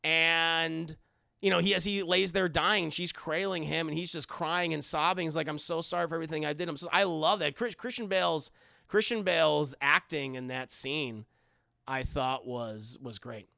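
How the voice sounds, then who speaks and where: A young adult man reviewing a film for a live stream chat, animated and rambling, swearing often. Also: a little high, a little slow, gravelly, no echo, clean studio sound.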